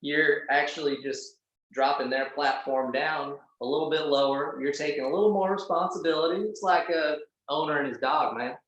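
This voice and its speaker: A man's voice: a little high, normal speed, a bit bright, muffled recording. A man talking as a podcast guest in loose, profane casual conversation, leaning on filler words. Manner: loose and profane, heavy use of "like". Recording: very echoey room.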